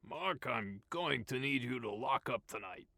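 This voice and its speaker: A man voicing a gruff, officious, short and balding store manager with a rambling, wheedling manner in an audiobook. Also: mid-range voice, animated, a little slow, sharp tone, no room sound, pitched above the performer's own voice, exaggerated voice. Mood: pleading, flustered. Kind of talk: audiobook character voice.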